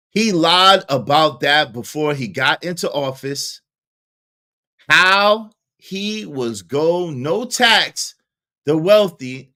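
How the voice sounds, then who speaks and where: A man hosting a live stream, giving loud, animated commentary full of slang and frequent laughter. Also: fairly high pitch. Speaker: livestream host.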